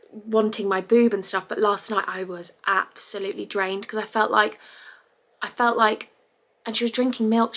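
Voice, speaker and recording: A woman's voice: a little high, fairly bright tone. A young woman talking candidly and emotionally to a phone camera at home, rambling with restarts. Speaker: vlogger. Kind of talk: casual confessional vlog. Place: bedroom at home.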